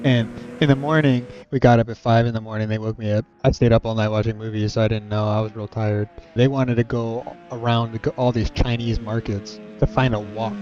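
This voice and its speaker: A man's voice: on the low side, lo-fi sound. A young man telling a rambling, exasperated personal story as a vlogger. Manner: exasperated, rambling, many fillers. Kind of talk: casual storytelling rant. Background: music.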